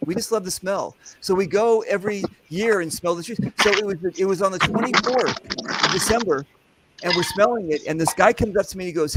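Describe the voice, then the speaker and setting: A man's voice: sits high, noisy background. A man hosting a casual live chat, telling long rambling stories with plenty of profanity. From California. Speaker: host.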